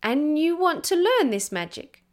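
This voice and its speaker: A woman voicing a gentle, patient grown man in a storybook, speaking softly and plainly. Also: high voice, sing-song, measured pace, voice pushed up. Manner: soft and gentle. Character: gentle patient adult man, kind listener.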